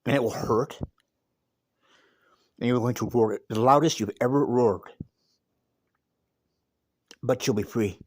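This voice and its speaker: A man doing a calm little street-wise mouse. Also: mid-range voice, takes it slowly, pauses often, no echo, clean studio sound. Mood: calm, reassuring. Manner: soothing, street-casual talk.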